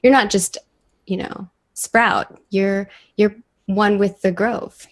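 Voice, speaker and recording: A woman's voice: medium pitch, fairly even intonation, slow. A woman player chatting casually about her character in a tabletop game, often giggling.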